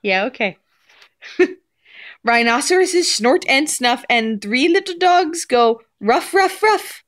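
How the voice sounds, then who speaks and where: A mother reading a picture book aloud to her baby in slow, sing-song baby talk, imitating animal sounds. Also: sits high, animated, a bit bright.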